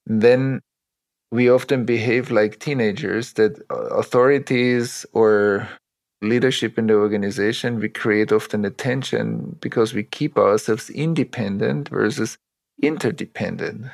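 A middle-aged man, an interview guest who teaches about trauma, explaining ideas in a measured, reflective way with personal examples. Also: fairly low pitch, creaky.

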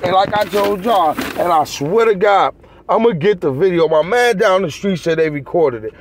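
A man's voice: high-pitched, lively intonation, moderate pace, a little hiss or hum. A man vlogging in a heated, profane rant aimed straight at his viewers. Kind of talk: ranting monologue to camera.

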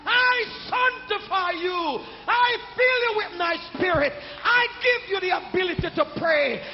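A man preaching a sermon as pastor, calling out to the congregation and building to shouts. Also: extremely high pitch, a little slow. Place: church sanctuary. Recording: echoey church hall, dull sound.

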